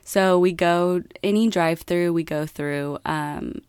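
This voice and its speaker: A young American woman in casual chat, telling a story with lots of laughter and animated quoting. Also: fairly low pitch, measured pace, clean tone, dry recording, clean studio sound. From United States. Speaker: co-host.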